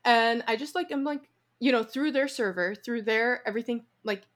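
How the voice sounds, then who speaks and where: A woman's voice: fairly high pitch, normal speed. A young woman, co-hosting a podcast and telling a story with lots of feeling and frequent laughs. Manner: animated storytelling, laughs often, emotional. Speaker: podcast co-host. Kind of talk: casual chat.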